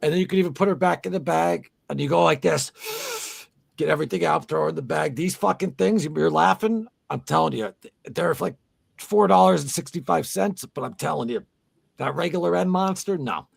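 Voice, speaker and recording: A man's voice: a little high, big pitch swings, moderate pace, gravelly, slightly rough. A man on a podcast, talking casually in a rambling, profane, insistent way. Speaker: podcast co-host. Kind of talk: casual chat.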